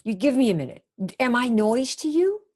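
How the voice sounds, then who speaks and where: A woman's voice: a little high, big pitch swings, normal speed, a little mellow. A woman teaching a live webinar as a sales coach, chatty and coaching, reacting to viewers' comments as she goes. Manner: chatty, coaching, reacts to chat, acts out sample phone lines.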